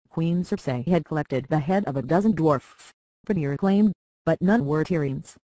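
A reader narrating a fantasy novel in a steady, unhurried storytelling voice. The pitch sits in the middle range, and the recording is close and dry with no room sound. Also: no room sound, poor audio. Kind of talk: audiobook narration.

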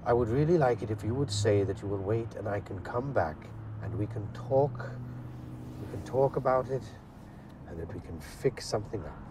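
An actor playing a steady Welsh driver, low voice. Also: male voice, lightly acted. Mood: pleading. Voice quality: measured, steady, controlled. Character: calm practical working-class man driving through the night. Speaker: driver on the phone. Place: inside a moving car. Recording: constant car engine hum.

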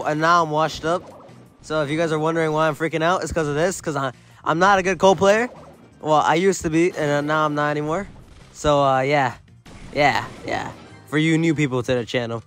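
A man giving live gameplay commentary, excitable and self-mocking, often yelling in bursts, his voice going hoarse. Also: fairly high pitch. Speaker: gaming YouTuber.

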